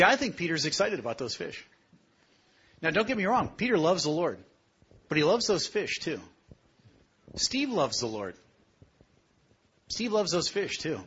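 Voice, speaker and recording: A man's voice: on the high side, fairly bright tone, husky, lo-fi sound. A middle-aged man preaching a sermon, telling stories in a conversational way and asking the listeners questions. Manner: storytelling, conversational with rhetorical questions.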